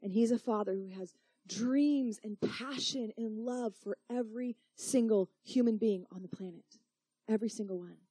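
A woman's voice: a little high, normal speed, mellow, husky, no room sound. A young woman preaching through a personal story, talking in a casual, emotional way full of "like" and "you know". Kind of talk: sermon storytelling.

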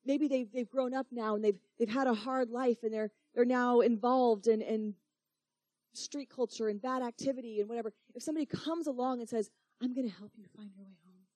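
A woman's voice: fairly high pitch, fairly quick, dark tone, no echo. Young woman preaching, chatty and emotional, says like and you know a lot, dry close sound. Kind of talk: sermon storytelling.

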